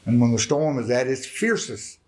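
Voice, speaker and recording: A man's voice: mid-range voice, animated, normal speed, poor audio. Male guest speaker, middle-aged, folksy testimony-style preaching, mid-range voice. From Arkansas. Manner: folksy storytelling, swelling to impassioned preaching. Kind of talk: testimony sermon.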